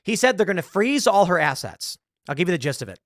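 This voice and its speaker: Male host, sarcastic commentary, slightly high voice, dry close mic. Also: fast talker, gravelly, dry recording. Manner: sarcastic, animated retelling with quoted voices. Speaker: podcast host. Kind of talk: commentary reading an article aloud.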